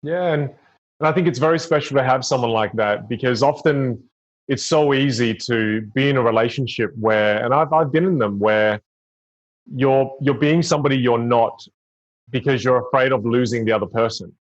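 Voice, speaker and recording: A man's voice: mid-range voice, normal speed, no echo. A man, a podcast guest, talking earnestly and reflectively in a casual conversation. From Australia. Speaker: guest speaker. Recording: slightly muffled lo-fi audio.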